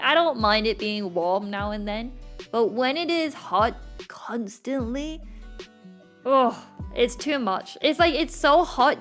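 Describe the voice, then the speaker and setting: A woman's voice: fairly high pitch, a bit bright. Giggly young woman streaming. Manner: giggly, laughs often between lines. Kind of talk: casual live-stream chat with viewers. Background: faint music.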